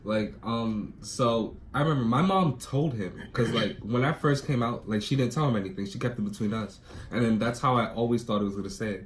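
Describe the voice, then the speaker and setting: A young man with a New York accent in a casual chat, telling stories in an animated way and swearing a lot. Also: mid-range voice, a little fast, hardly any pauses, a little hiss or hum. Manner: animated storytelling, swears often. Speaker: co-host.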